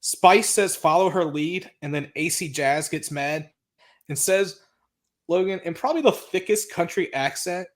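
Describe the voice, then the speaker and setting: Recapping an old wrestling episode, this podcast co-host is blunt and exasperated, swearing often in casual chat. He talks at a moderate pace in a voice on the high side.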